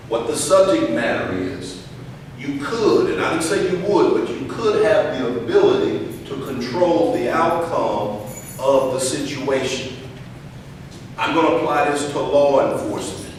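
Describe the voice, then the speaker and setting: A man gives a motivational talk to students. He repeats his key phrases and leads the room in call-and-response. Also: medium pitch. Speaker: speaker teaching young people. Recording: echoey hall from far off, faint hiss.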